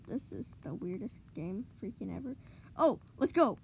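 A woman giving excitable live commentary on her own gameplay, cheering goals and groaning at misplays. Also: medium pitch, normal speed, vocal fry, slight background noise. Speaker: gamer streamer.

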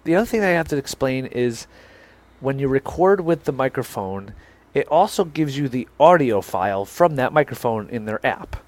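A man's voice: medium pitch, very animated, normal speed, darkish tone. Rambling young man telling a story. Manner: rambling, self-deprecating, acts out both sides of conversations. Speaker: podcast co-host. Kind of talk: casual storytelling chat.

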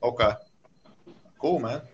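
A man hosting a casual chat on a call, relaxed, asking questions and swearing now and then. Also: mid-range voice, slow pace, husky. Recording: dull lo-fi call audio with faint noise.

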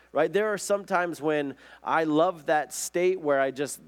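A man delivers a conversational sermon in a slightly high voice. He speaks earnestly and keeps asking his listeners questions as he goes. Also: measured pace. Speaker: pastor.

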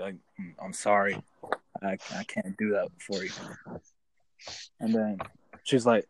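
A man's voice: fairly low pitch, little pitch movement, measured pace, pauses often, a little hiss or hum, poor audio. A young man telling a rambling, profane story to his friends in casual chat. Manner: rambling, profane, restarts often.

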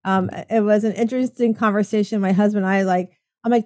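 A woman's voice: mid-range voice, fairly even intonation, fast talker, darkish tone, no echo, studio quality. A middle-aged woman hosting a casual chat, rambling and acting out remembered conversations. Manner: chatty, rambling, acts out quoted exchanges. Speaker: host.

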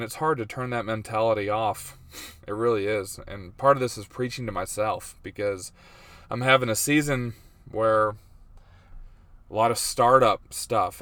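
A man's voice: mid-range voice, a bit bright, no room sound. Chatty man, dry close sound. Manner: chatty, laughs often, self-deprecating. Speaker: host. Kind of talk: casual faith and life vlog talk.

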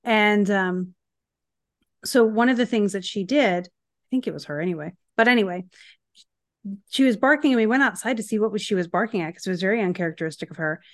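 A woman's voice: medium pitch, fairly quick, no echo, studio quality. A woman in her thirties co-hosting a podcast, telling a story in a chatty, rambling way with asides. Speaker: podcast co-host. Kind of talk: casual chat, storytelling.

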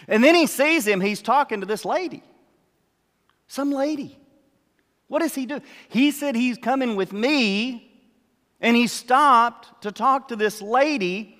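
An older man preaching a sermon, telling the story slowly and acting out what the characters say. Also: sits high, pushed and bright, in a large hall. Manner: slow storytelling, acts out the characters' words. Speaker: pastor.

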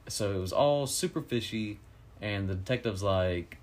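A man in an easygoing conversation, recounting a film's story with lively energy. He breaks into quick voiced quotes of the characters as he goes. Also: lowish voice. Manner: animated plot retelling with voiced quotes. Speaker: co-host reviewing a movie. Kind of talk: casual chat.

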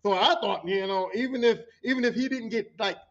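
Male podcast host, high voice, profane and animated storyteller, dull lo-fi sound. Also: fairly quick. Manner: profane, animated, acts out quotes.

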